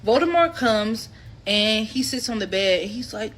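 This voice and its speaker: A woman in her twenties casually telling a personal story to her viewers, candid, animated and freely profane. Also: on the high side, moderate pace, a little hiss or hum. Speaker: storytime vlogger.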